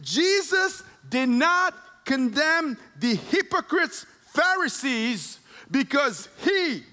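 Slow, high-voiced preaching man. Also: big pitch swings, pushed and bright. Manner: emphatic, slow preaching with dramatic retold scenes. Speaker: pastor. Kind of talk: sermon.

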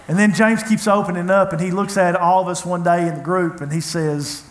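A man's voice: high voice, fairly quick, fairly bright tone, a little hiss or hum. A man preaching a sermon, telling a personal story in an earnest, conversational way. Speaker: pastor. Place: church hall. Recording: echoey church room.

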